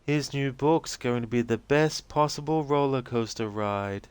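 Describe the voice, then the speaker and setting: Reading game transcripts aloud with voices, a man plays a fragile, dazed young waitress who is crying and pleading in slow, broken, halting sentences. The voice sits high and trembles with tears, sounding natural. The audio is smooth and close, with no room sound and no echo.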